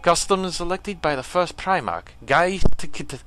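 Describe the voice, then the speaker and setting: A man's voice: a little high, a little slow, pushed and bright, slight background noise, pitched above the performer's own voice. A man voicing a brusque male alien trade agent in game dialogue, in a strained, harsh put-on voice with clipped, proud warrior speech. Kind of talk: game dialogue read-aloud.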